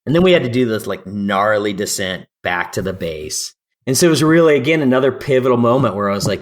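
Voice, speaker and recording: A man in his fifties, from California, telling lively stories as a podcast guest and acting out quoted dialogue. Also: mid-range voice, fast talker. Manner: animated storyteller, acts out quoted dialogue. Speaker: guest climber. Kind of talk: storytelling interview.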